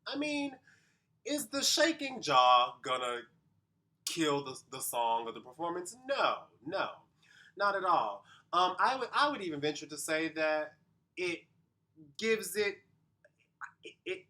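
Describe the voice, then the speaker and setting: A man's voice: on the high side, expressive, measured pace, long pauses, bright, forceful tone. A man working as a vocal coach, casually explaining singing technique to viewers at home. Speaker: vocal coach reacting to a performance. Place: home, recorded at night.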